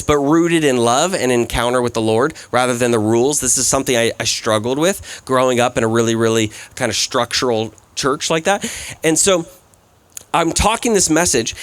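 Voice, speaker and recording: This medium-pitched male voice, recorded with no room sound, belongs to a guest preacher giving a sermon at a church service in an events center. He tells stories loosely and conversationally, often dropping in "like" and "right?".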